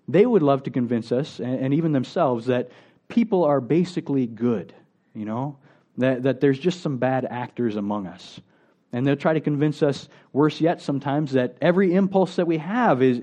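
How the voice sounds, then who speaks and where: A man's voice: mid-range voice, dark tone. A male pastor preaching a sermon in a conversational way, asking the congregation rhetorical questions.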